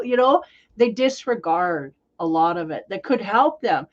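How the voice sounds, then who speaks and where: A woman's voice: fairly high pitch, expressive, measured pace, lo-fi sound. Rambling, conversational woman tarot reader. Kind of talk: casual spiritual reading.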